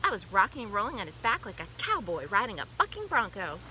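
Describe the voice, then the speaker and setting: A woman's voice: medium pitch, huge pitch swings, fast talker, noisy background. A woman reading a children's book aloud in first person, playful and full of exclamations. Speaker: storyteller.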